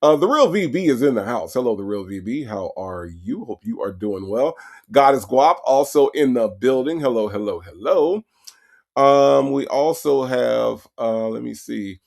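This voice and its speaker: In a gravelly, darkish, expressive male voice of medium pitch, a streamer calls out names from his chat at normal speed, saying hello again and again to each person.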